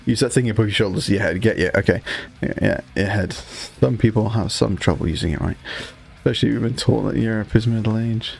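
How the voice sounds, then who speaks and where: A man hosting a relaxed livestream, chatting casually with his viewers while painting miniatures, joking and swearing freely. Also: fairly low pitch, fairly quick, vocal fry, faint music behind. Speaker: livestream host.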